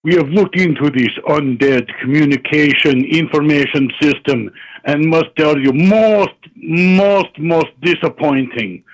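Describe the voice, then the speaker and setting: A man doing a gruff fake-Russian caller. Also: fairly high pitch, measured pace, rough recording. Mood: deadpan. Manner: broken clipped English, repeats himself.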